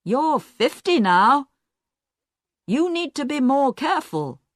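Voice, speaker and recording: A grown son, coaxing and reasonable with his mother, read by a woman in her own voice. The delivery is slow and the pitch goes up and down a lot. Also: big pitch swings, no echo, clean studio sound, full character voice.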